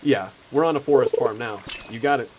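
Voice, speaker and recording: A man's voice: mid-range voice, brisk, a little hiss or hum, low-quality recording. A young man streaming a game, chatting casually, rambling and laughing often. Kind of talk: casual chat while playing a game.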